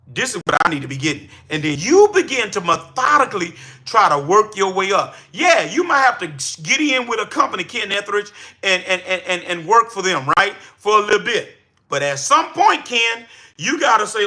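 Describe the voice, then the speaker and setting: A man coaches his live-stream audience in a high, very bright voice. He talks energetically and preaches, now and then breaking into excited shouts. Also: a little fast. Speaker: livestream host and business coach. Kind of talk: live-stream coaching talk to chat viewers.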